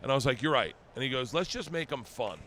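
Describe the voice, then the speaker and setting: A middle-aged man, a comedian guest on a podcast, telling animated stories in casual chat and acting out the dialogue. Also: mid-range voice, quick pace, slight background noise. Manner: animated storyteller, acts out quoted dialogue.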